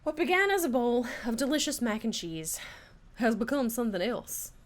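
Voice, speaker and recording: A woman's voice: a little high, big pitch swings, normal speed. A woman streamer reading a dating game aloud in a giggly, playful way.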